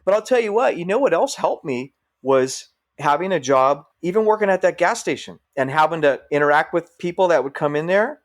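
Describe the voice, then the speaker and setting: Speaking a little fast with few pauses, a middle-aged firefighter on a podcast uses a fairly high-pitched voice. He tells stories casually and animatedly, acting out what people said.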